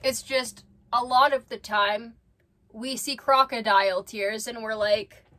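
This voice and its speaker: A woman with a fairly high voice doing reaction commentary for her vlog. She is blunt and swears freely, and she speaks straight to the person she is watching as if they could hear her. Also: steady tone, a little slow, bright, forceful tone. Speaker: reaction vlogger.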